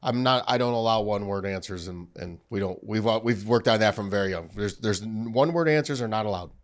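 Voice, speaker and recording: Halting low-voiced male host. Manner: halting, repeats words. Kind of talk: casual interview chat.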